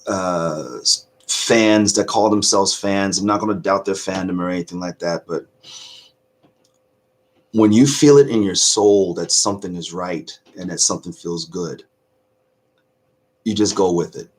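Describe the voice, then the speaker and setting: A middle-aged man hosting a casual reaction video, choked up with emotion, talking earnestly in halting restarts. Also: low-pitched. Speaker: YouTube reaction host.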